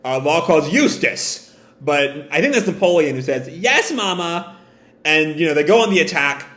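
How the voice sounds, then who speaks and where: A man casually reading through a comic chapter and commenting on it, animated and swearing now and then. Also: on the high side, normal speed. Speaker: comic reader and reviewer. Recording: roomy echo.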